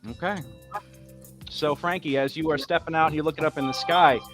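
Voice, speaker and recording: A man's voice: on the high side, a little fast, music in the background. Game master man narrating a tabletop session. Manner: relaxed, descriptive, with frequent fillers.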